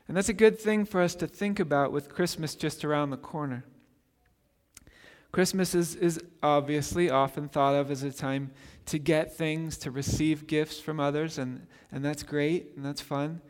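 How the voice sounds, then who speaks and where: A pastor delivers a sermon, his voice sitting a little high for a man. He tells the story with energy, slipping into the voices of the people in it. His words ring out with a long reverb, as if he is in a large church hall. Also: moderate pace. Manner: animated storytelling, acting out quoted voices.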